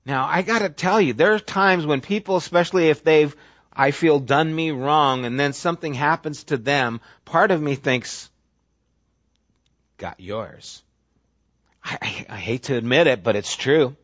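Guy giving a sermon, chatty and lively, acting out quotes, dry dull lo-fi sound. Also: on the high side, moderate pace, no echo. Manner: conversational, animated, acts out quoted voices. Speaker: pastor.

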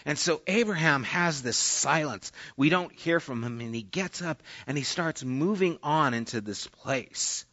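A man's voice: fairly high pitch, lively intonation, a little slow, few pauses, bright, forceful tone. A man preaching a sermon in a conversational way, sometimes acting out the voices in the story he tells. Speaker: pastor. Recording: dull lo-fi sermon audio.

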